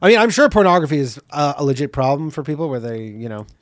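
A man's voice: fairly high pitch, sing-song, fast, no room sound, clean studio sound. A man co-hosting a casual comedy podcast, musing and asking loose, crude questions. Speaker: podcast co-host.

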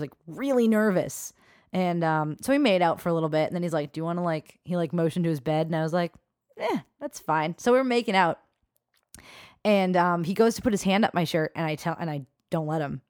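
A woman's voice: lowish voice, darkish tone, no echo, clean studio sound. A woman telling a long dating story in casual podcast chat, full of fillers and laughs.

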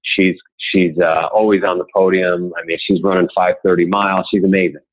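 A man telling motivational stories in a guest interview, acting out the people he quotes. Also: brisk. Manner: animated, acts out quotes in raised pitch. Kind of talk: motivational storytelling. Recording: tinny phone-like line.

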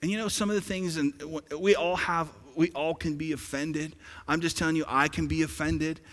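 Male pastor, sermon delivery, bright and forceful, call-and-response questions, long hall reverb. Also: a little high, fairly even intonation, moderate pace. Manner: preaching with rising emphasis and questions to the congregation. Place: church sanctuary.

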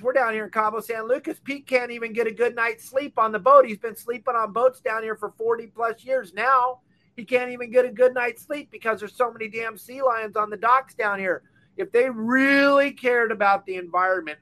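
Out on a boat or dock, a fishing podcast host rants with real passion. He's an older Southern Californian man whose bright, high voice comes across fired-up, blunt and scolding.

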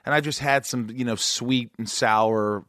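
A man's voice: mid-range voice, fairly even intonation, a little slow, fairly bright tone, no echo, clean studio sound. An American man in his forties hosting a podcast, joking around casually and mimicking people in his anecdotes. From United States. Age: 40s. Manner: joking, playful, mimics other voices in anecdotes. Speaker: podcast host. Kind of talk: casual chat.

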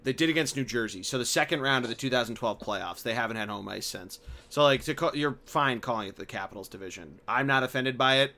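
A man co-hosting a podcast in casual sports chat, piling on details and records, often trailing off more quietly. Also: medium pitch. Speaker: podcast co-host.

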